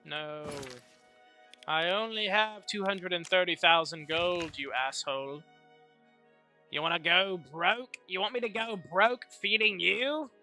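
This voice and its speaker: A man's voice: high-pitched, a little slow, pushed and bright. A man streaming a fantasy game, chatting casually and swearing hard at enemies. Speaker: gaming streamer. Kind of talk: live gameplay commentary. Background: game music.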